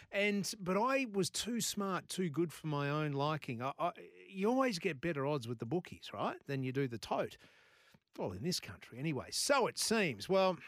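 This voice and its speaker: A chatty man in his forties hosts a morning radio show and spins stories with quick asides. His voice sits a little high and sounds dry and close to the studio mic. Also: a bit bright, dry recording. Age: 40s. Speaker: radio host. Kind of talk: casual radio chat. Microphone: studio microphone.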